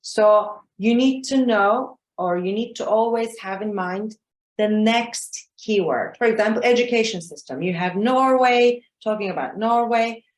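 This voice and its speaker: A woman trainer teaches a class over a video call at a middle pitch. She is patient and keeps checking in with "okay?" and "yeah?" Her voice carries a roomy echo. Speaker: exam trainer. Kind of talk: live online class.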